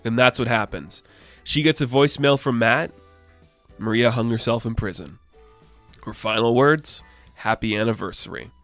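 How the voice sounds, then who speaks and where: A man's voice: mid-range voice, fairly bright tone. A man giving a casual, enthusiastic spoken review of a comic book, full of "like" fillers. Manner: chatty, enthusiastic, frequent "like" fillers.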